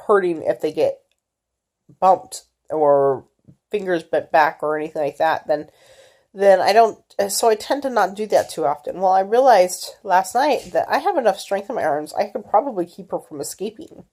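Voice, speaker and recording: A middle-aged woman telling her own health story in a casual vlog, candid and halting, with many fillers and restarts. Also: fairly low pitch, lively intonation, darkish tone. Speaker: vlogger.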